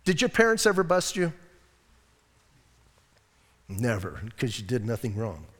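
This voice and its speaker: A man preaching a casual, animated sermon as pastor, acting out voices in the quotes. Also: mid-range voice, a little slow, big-room sound. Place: church hall.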